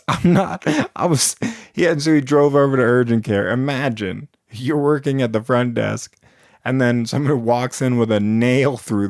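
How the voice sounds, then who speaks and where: A young man spins an improvised comic story, rambling along with plenty of fillers and chuckling at his own jokes. His voice sits at an ordinary middle pitch. It is recorded close and dry, with no room sound. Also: a little mellow, no echo. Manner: rambling, chuckles between lines, lots of fillers.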